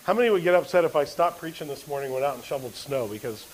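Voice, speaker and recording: Male pastor, high-voiced, preaching at a church service; asks the congregation questions, reads scripture with rising emphasis. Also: expressive, rapid-fire, a little hiss or hum, rough recording. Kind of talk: sermon.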